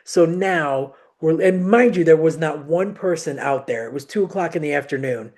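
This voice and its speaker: A woman co-hosting a podcast, telling a personal story in an animated, emotional way and acting out the dialogue. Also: low-pitched, moderate pace. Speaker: podcast co-host. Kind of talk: casual chat, personal storytelling.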